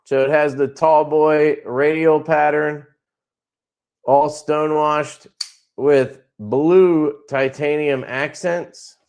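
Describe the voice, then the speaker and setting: A man's voice: a little high, fairly even intonation, takes it slowly, darkish tone, clear, resonant tone. A man hosting a casual livestream from his knife company, showing products in a laid-back, rambling way with crude jokes.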